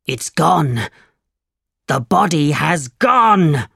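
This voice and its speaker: Reader playing a commanding bandit chief in a storybook, stern and gravelly, slow. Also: mid-range voice, no echo, clean studio sound. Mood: alarmed. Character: angry commanding male leader of a band of thieves. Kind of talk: storybook reading.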